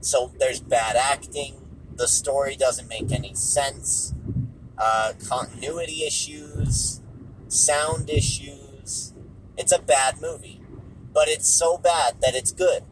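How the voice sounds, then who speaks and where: Man in a car, casual movie talk, mid-pitched, repeats himself for emphasis, faint road noise under the voice. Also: fairly even intonation, slow. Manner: conversational, repeats points for emphasis. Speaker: movie reviewer. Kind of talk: casual spoken commentary while driving.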